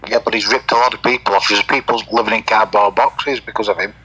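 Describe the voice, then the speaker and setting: A man calling into a live online audio chat, talking quietly and hesitantly in a casual debate. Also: on the low side, steady tone, fast, slightly rough, rough recording. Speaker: caller.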